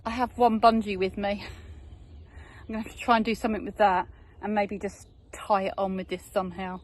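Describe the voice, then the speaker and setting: A British woman vlogging from a motorcycle tour, chatting to camera and calmly talking herself through problems outdoors by the road. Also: mid-range voice, a little fast. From United Kingdom. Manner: chatty, reflective, talks herself through setbacks. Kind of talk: casual chat to camera. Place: outdoors by a roadside.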